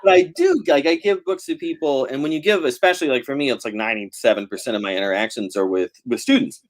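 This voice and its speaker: A man's voice: mid-range voice, sing-song, fast. A man, a novelist chatting over a video call, rambling and laughing often between fillers. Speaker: novelist guest. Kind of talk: casual video-call chat.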